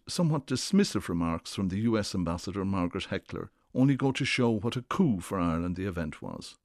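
A man reading a first-person radio essay in a measured, storytelling way. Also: low voice, dry recording, studio quality.

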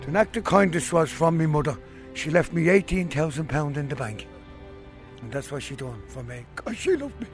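A man's voice: a little high, expressive, normal speed, over music. A man speaking emotionally in a street interview.

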